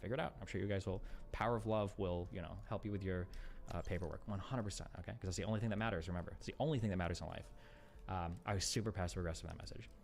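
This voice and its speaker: A man's voice: deep voice, rapid-fire, gravelly, a little mellow. A man on a stream talking casually, retelling an argument in an aggrieved, filler-heavy way.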